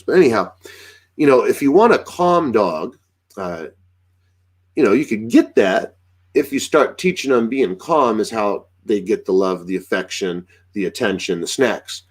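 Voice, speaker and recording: Here an adult man who has a young daughter hands out informal dog-training advice in a husky, fairly low voice. He's animated, voicing imagined dialogue between dogs and owners.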